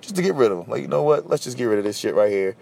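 A man's voice: medium pitch, rapid-fire, creaky. A man hosting a podcast, telling a story casually and profanely, acting out both sides of the conversations. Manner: animated, profane retelling with acted-out dialogue. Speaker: podcast host.

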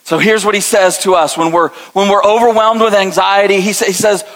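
A middle-aged man preaching a sermon with passion, moving between soft intensity and lively emphasis. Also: sits high, brisk, in a large hall, poor audio. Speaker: pastor.

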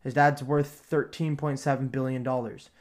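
A man's voice: medium pitch, level tone, normal speed, darkish tone. A young man hosting a casual solo podcast, rambling loosely with lots of fillers and casual swearing. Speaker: podcast host.

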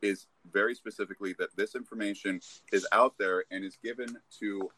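A man co-hosting a podcast, explaining points in a measured way and answering with brief affirmations. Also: lowish voice, steady tone, pushed and bright, low-quality recording. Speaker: podcast co-host. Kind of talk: casual podcast discussion.

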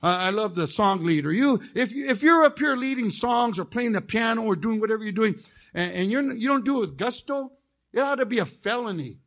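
A man preaching a fiery sermon as a chaplain, telling folksy stories with jokes and rising into shouted call-and-response. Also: sits high, expressive, a little fast. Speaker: chaplain preaching as guest speaker.

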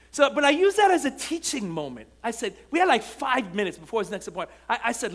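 A man's voice: very high voice, wildly swooping pitch, moderate pace, hardly any pauses, a bit bright. A male pastor preaching a sermon in church, moving between chatty storytelling full of restarts and emphatic, repeated lines. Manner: conversational storytelling with frequent restarts. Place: church sanctuary.

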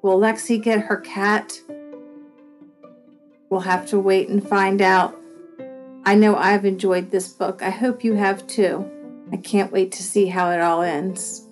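A woman's voice: mid-range voice, takes it slowly, long pauses, faint music behind. Friendly woman reading a story to kids. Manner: friendly, expressive, addresses kids directly. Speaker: teacher reading a book aloud. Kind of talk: read-aloud storybook narration for children.

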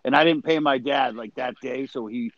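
A man's voice: mid-range voice, normal speed, no echo, lo-fi sound. A man telling wild stories in a casual, profane chat among brothers. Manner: profane, animated storyteller. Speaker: podcast co-host.

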